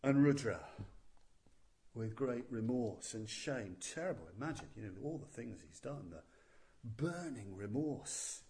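A man's voice: medium pitch, expressive, a little slow, warm tone. A man, a Buddhist teacher telling a legend with playful, chuckling asides to his listeners. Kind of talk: storytelling talk.

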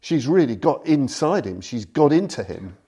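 A man lecturing on Buddhism, telling a story slowly and deliberately and reading passages aloud. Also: medium pitch, big pitch swings, dark tone, slightly rough.

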